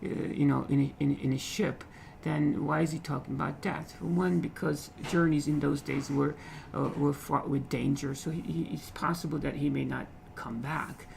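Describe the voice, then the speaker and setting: Male lit teacher, gravelly fry voice, halting, repeats phrases, faint background hiss. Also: on the high side, fairly even intonation, a little mellow, rough recording. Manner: repeats phrases, frequent "okay?" checks, halting restarts. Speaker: literature teacher. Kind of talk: explaining a poem in a lecture.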